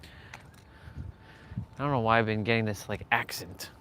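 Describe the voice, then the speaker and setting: A man talks his way through a walk around the neighborhood, rambling and swearing in an easy, offhand way. He sounds loose and unhurried, like he is thinking out loud. Faint traffic and street noise sit behind him outdoors. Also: fairly low pitch. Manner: laid-back, profane, rambling self-talk. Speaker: vlogger. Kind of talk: casual vlog while walking outdoors.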